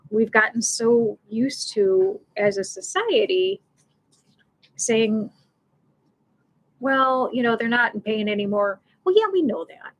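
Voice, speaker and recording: A middle-aged woman hosting a casual pet loss support livestream from home, rambling, often restarting her sentences and laughing. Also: fairly high pitch.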